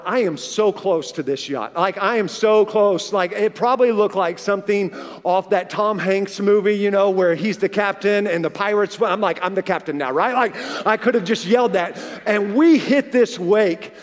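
The long reverb of a large hall carries this pastor's high-pitched voice as he preaches. In his forties, he recounts a personal story with animation and performs the dialogue himself.

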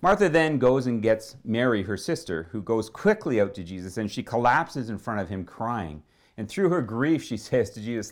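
A man's voice: mid-range voice, very animated, normal speed. A man preaching a sermon, retelling a story in a conversational way and acting out the quoted voices.

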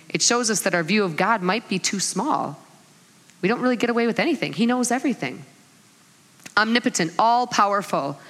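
Animated woman preaching in an echoey hall. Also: mid-range voice. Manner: animated storytelling with laughs and acted-out voices. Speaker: speaker at a church talk. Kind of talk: sermon.

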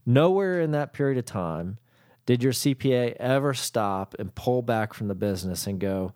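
A CPA who owns an accounting firm speaks bluntly and casually to small business owners, acting out both sides of his client calls. His medium-pitched voice is expressive and a little mellow at a normal speed. The studio sound is clean, with no room sound.

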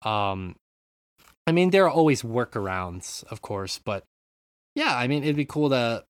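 A man's voice: mid-range voice, lively intonation, unhurried, clean tone, no echo. Rambling, profane podcast host man. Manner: rambling, swears freely, reads listener comments. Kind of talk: casual gaming podcast chat.

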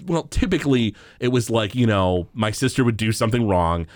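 A man's voice: lowish voice, a little fast, dry recording, studio quality. A man co-hosting a podcast in casual chat, telling stories animatedly and acting out the people he quotes. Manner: animated storyteller who acts out quoted characters. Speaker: podcast co-host.

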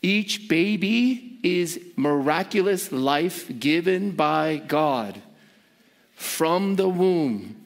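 Man, pastor, preaching a sermon, high-pitched voice, emphatic, repeats phrases, rhetorical questions. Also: expressive, drawn-out words. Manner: emphatic, repeats words for stress, asks the audience rhetorical questions.

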